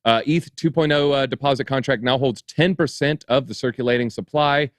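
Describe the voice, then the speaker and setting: A man's voice: mid-range voice, a little fast. A man reads news stories aloud on a casual talk show, breaking in often with sarcastic side remarks. His voice is recorded close up in a dry, dead room with no reverb. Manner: reads headlines, then adds dry sarcastic asides. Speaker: crypto show co-host. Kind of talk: news commentary, reading articles aloud.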